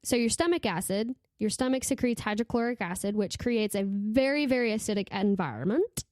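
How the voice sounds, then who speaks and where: A woman's voice: mid-range voice, fairly quick, no echo, clean studio sound. A young adult woman hosting a casual podcast, explaining food facts with passion and frequent laughter. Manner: animated, laughing, fired-up explainer. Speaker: podcast host.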